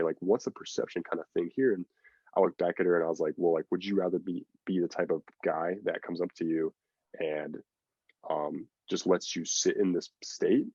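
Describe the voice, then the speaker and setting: A man's voice: low-pitched, dark tone, slightly rough, no echo, muffled recording. A man guest on a podcast, telling a long story in a rambling, casual way with lots of fillers and acted-out quotes. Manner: rambling, filler-heavy, acts out quoted lines.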